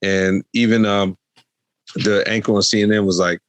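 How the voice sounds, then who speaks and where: A man's voice: mid-range voice, fairly even intonation, a little fast, no room sound. A man co-hosting a podcast in casual chat, rambling with lots of fillers and restarts. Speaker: podcast co-host.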